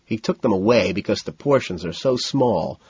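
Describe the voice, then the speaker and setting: A man's voice: lowish voice, expressive, normal speed, a little mellow, breathy edge, no echo, exaggerated voice. A man voicing a bored, sneering rich young man who talks in a dry, scornful way, on a dull lo-fi recording. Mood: weary.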